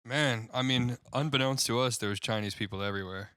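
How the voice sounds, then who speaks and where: Smooth, bright-voiced podcast host. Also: male voice, medium pitch, brisk, no room sound, clean studio sound. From Indiana. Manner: laid-back, jokey, lots of laughing and quoted voices. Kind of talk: casual chat.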